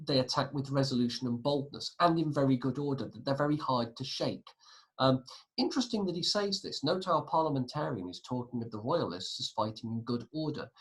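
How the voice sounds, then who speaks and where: An Englishman teaching a history class on video in a lively manner. He puts questions to the pupils and then answers them himself. His voice sits at an ordinary middle pitch for a man. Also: rough recording.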